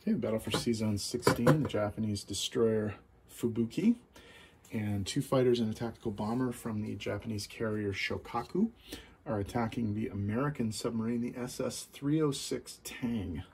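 A man narrating his own board game turn by turn, calling out each dice roll in a steady, methodical way. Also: on the low side, normal speed, breathy edge. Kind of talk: play-by-play board game commentary. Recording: loud background noise.

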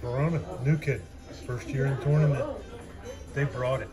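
A man's voice: mid-range voice, fairly even intonation, moderate pace, music in the background. A man hosting a casual food-review show, upbeat and joking, with announcer-style callouts.

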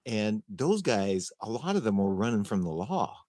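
A fairly low-pitched man hosts a relaxed conversation. His delivery is halting and chatty, full of restarts, and the sound is close and dry with little room around it. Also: dry recording. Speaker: host. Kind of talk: casual conversation.

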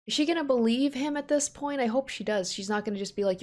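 A woman giving chatty, excitable commentary while playing through a story game, speaking casually with lots of "like"s. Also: fairly high pitch, fast. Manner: chatty and excitable, full of likes. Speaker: let's play host.

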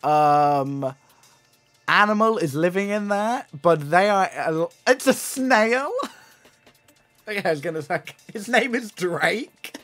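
Lively, teasing young man. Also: sits high, slow pace, faint music behind. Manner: teasing, excitable, swears and laughs often. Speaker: livestreamer. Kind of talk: casual live-stream commentary.

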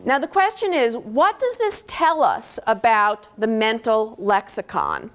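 A woman's voice: on the high side, sing-song, measured pace. A woman professor giving a university lecture on linguistics, explaining step by step and often checking in with "okay?" between points. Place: lecture hall.

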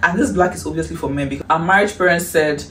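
A woman's voice: low-pitched, fast. Gushing Nigerian woman vlogging in an echoey room. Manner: excitable and gushing, with shrieks and breathy exclamations. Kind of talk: casual haul vlog chat. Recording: echoey room, distant mic, faint hiss.

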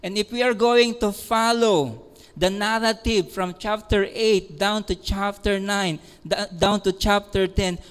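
Slow, emphatic preacher. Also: male voice, high-pitched, clean tone. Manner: emphatic, rising to bursts of intensity. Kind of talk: sermon. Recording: long echoing hall reverb.

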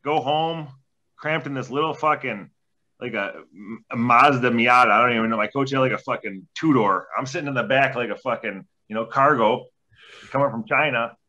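A man in his forties tells long, rambling stories in a casual interview. He keeps a bright, forceful edge and drops curse words throughout. The podcast audio sounds dull and lo-fi. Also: mid-range voice, moderate pace. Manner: laid-back, heavy swearing, rambling anecdotes. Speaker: podcast guest, former junior hockey player.

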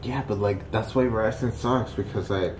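Man, very deep voice, casual chat, stubborn, dismissive. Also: moderate pace, darkish tone, a little hiss or hum. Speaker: vlogger's partner.

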